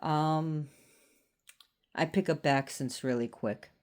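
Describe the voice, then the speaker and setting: Speaking slowly in a low, somewhat mellow voice, this woman from Florida rambles through a relaxed talk about something occult. Her chatty delivery keeps looping back with frequent "so anyways."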